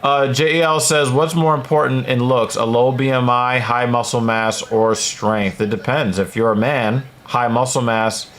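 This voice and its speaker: A man's voice: mid-range voice, fairly even intonation, a little slow, few pauses, a bit bright. Male streamer answering chat, casual and blunt, mid-range voice, filler-heavy delivery. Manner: chatty, frequent fillers, blunt opinions. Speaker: livestream host reading chat. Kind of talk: casual livestream commentary.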